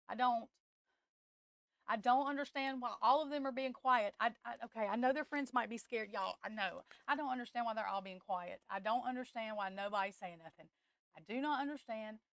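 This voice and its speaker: A woman's voice: fairly high pitch, fairly bright tone, no echo. Impassioned woman on the verge of tears. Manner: impassioned, tearful, halting restarts, addresses viewers as y'all. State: close to tears. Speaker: tarot livestream host. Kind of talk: emotional live-stream chat.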